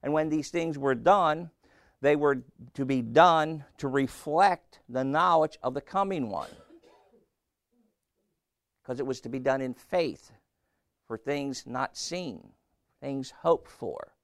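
Slow gravelly male preacher. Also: mid-range voice, dry recording, studio quality. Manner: slow, emphatic preaching with questions to the congregation. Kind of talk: sermon.

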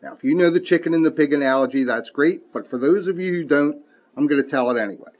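A man's voice: fairly high pitch, quick pace, muffled recording. A man preaching a sermon who reads scripture aloud emphatically and mixes in folksy, casual asides.

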